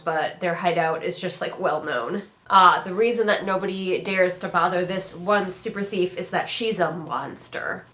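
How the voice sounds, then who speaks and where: A woman's voice: fairly low pitch, a bit bright. A woman reviewing a book in a sarcastic, chatty way, full of filler words, her voice a bit worn. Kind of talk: sarcastic casual book critique. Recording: roomy echo.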